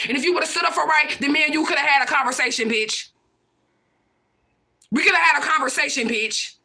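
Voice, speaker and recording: A woman hosts a livestream in a heated, profane rant, confronting people and calling out to her viewers. Her voice sits high and carries a bright, sharp edge. She circles back to the same points again and again. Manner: profane, confrontational, repeats herself, addresses viewers as y'all. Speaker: livestream host.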